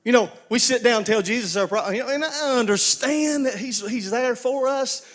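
A man's voice: extremely high pitch, brisk, fairly bright tone. A man preaching a sermon, folksy storytelling with call-and-response to his congregation. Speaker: pastor.

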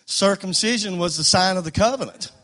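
Fervent high-voiced preacher. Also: male voice, fairly quick. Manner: fervent, repetitive stammering restarts, rising to loud declarations. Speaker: pastor. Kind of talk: sermon.

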